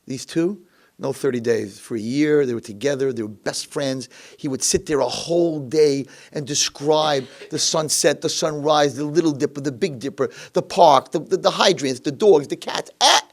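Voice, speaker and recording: A male rabbi telling a story in a dramatic, animated lecture. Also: fairly high pitch, normal speed.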